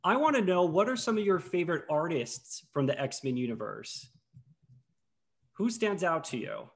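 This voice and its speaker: An excitable, gushing man co-hosting an online panel. His voice sits slightly high and swings widely in pitch, and he is heard over a video call. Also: normal speed. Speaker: panel co-host.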